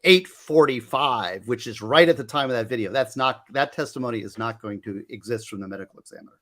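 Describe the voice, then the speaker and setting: A man on a livestream panel, teasing the others with quick remarks. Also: mid-range voice, bright, forceful tone. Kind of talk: casual livestream chat.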